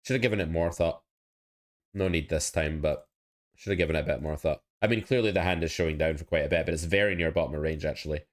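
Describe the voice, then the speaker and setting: A man's voice: rumbling low, quick pace. A man, coaching poker live and chatting casually with his viewers, often second-guessing his own plays. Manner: chatty, self-critical, talks to chat. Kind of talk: casual live-stream commentary.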